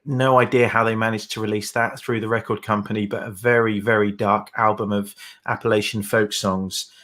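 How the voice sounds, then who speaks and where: A man's voice: lowish voice, little pitch movement, fairly quick, fairly bright tone. Chatty man co-hosting a shanty stream. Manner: rambling with fillers and asides. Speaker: livestream co-host and singer. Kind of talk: casual livestream chat.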